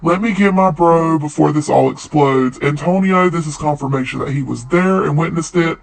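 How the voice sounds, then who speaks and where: A man hosting a commentary channel, reading scripted narration in a measured, analytical way. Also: a little high, vocal fry, poor audio.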